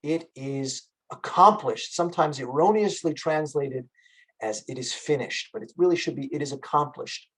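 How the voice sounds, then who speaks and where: Man lecturing with steady explanations. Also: a little high, slightly rough, low-quality recording. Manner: explanatory, measured, with frequent fillers. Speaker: music lecturer. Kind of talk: online lecture.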